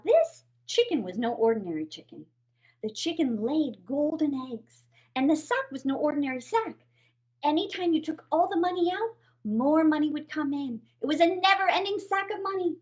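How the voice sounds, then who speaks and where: A woman hosting a children's storytime, playfully reading a fairy tale aloud with puppets. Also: high-pitched. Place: home, recorded for a livestream.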